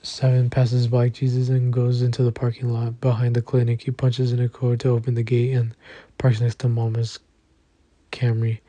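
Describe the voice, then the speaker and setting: A man narrating an audiobook in the first person, with a steady, even delivery. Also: medium pitch, normal speed, no echo. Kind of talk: scripted narration.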